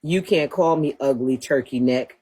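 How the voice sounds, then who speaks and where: A woman's voice: rumbling low, normal speed, mellow, slightly rough. Blunt profane woman ranting on a livestream. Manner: blunt trash-talking, profane, laughs often. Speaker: livestream host. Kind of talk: casual livestream rant.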